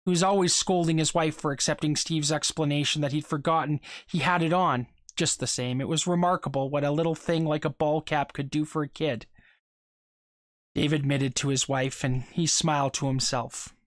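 A reader narrating a short story aloud for a class, in a steady, measured way. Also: medium pitch, dry recording, clean studio sound.

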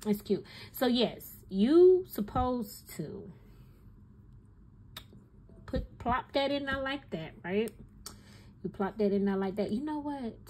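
A woman vlogger chatting through a stationery haul at her home desk, with a lively, swooping pitch. She talks straight to her viewers, exclaiming as she fiddles with her pens. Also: slow pace, long pauses, slight background noise. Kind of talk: casual chatty haul video.

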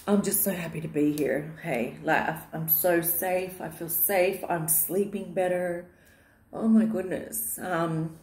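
A woman's voice: fairly low pitch, darkish tone. A woman chatting casually in her vlog, gushing and affectionate, with lots of fillers, filmed in the living room of her new home. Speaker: vlogger. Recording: echoey bare room.

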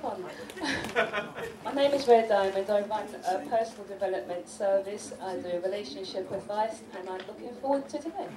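A woman's voice: mid-range voice, moderate pace. A shy woman on a panel introducing herself. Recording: echoey hall, crowd, distant.

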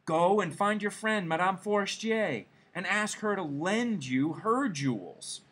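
A man's voice: sits high, lively intonation, a little slow, a bit bright, breathy edge, pitched above the performer's own voice, full character voice. A man doing a timid, stammering clerk husband. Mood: eager. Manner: stammering, hopeful.

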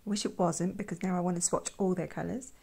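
A woman talking softly while swatching paints, often dropping to a whisper and gushing with delight. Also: lowish voice, fairly even intonation, a little fast, creaky, slightly rough. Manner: gushing, effusive, trails off into whispers. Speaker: art vlogger. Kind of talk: soft-spoken swatching commentary.

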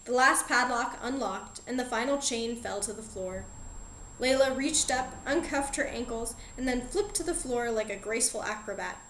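A woman narrating a children's novel audiobook with clear, even storytelling. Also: on the high side, normal speed, roomy sound, slight background noise, low-quality recording.

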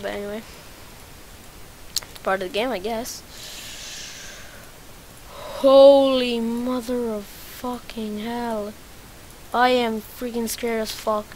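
A woman hosting a let's play, commentating excitedly as she plays, swearing often and repeating phrases over and over. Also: mid-range voice, slight background noise. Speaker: gaming channel host.

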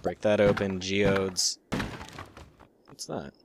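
Lowish-voiced man doing gameplay commentary. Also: slow, noisy background. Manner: excitable, profane, jokey, with sudden squeaky outbursts. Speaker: let's play host.

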